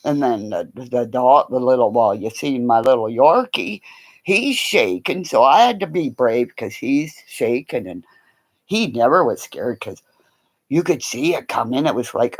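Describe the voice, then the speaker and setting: An older woman chatting casually on a livestream, telling rambling stories and now and then whispering softly to her dog. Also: rumbling low, lively intonation, normal speed, husky, poor audio. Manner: rambling storytelling, swings between loud exclamations and soft whispers to her dog.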